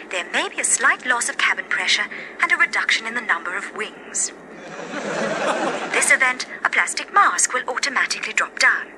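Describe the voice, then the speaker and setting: A woman in a comedy sketch reads a mock airline safety announcement as a chief stewardess. Her delivery is prim and formal, her voice slightly high. The old album recording has clear hiss. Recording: noisy old album recording with audience laughter.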